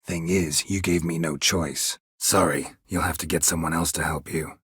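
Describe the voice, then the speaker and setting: A weary monster hunter from a video game, his voice extremely deep and heavily husky. He speaks in short, clipped phrases with a flat, laconic calm. The recording is dry and close, with no room sound. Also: normal speed, no echo, exaggerated voice. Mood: curt. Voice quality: very husky, low gravelly voice. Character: gruff middle-aged male monster hunter, terse and weary. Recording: dry studio booth.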